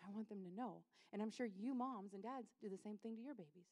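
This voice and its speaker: A woman pastor giving a lively, self-deprecating sermon, repeating lines for emphasis. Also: mid-range voice, quick pace, few pauses, no echo.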